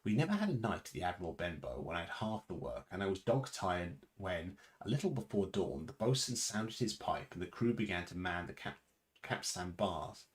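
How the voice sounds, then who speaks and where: Reading a novel aloud for a charity stream, a man speaks at normal speed with big pitch swings. His unpolished reading includes occasional stumbles, restarts and self-corrections, and he raises his voice and shifts pitch and loudness for quoted dialogue.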